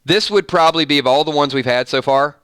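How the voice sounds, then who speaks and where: Bright, crisp-voiced man hosting a stream. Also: on the high side, fast talker, no room sound, clean studio sound. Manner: playful, animated, reading out votes. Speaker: host. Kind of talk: live-stream music matchup chat.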